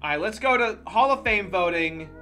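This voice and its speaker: Lively, bright-voiced game streamer. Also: medium pitch, faint music behind. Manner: profane, quick to loud exasperated outbursts. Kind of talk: casual gameplay commentary.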